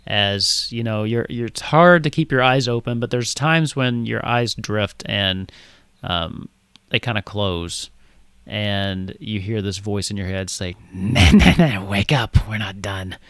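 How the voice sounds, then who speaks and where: A man's voice: lowish voice, measured pace, fairly bright tone, clear, resonant tone, no echo, clean studio sound. A man narrating as game master of a tabletop game, loose and full of fillers.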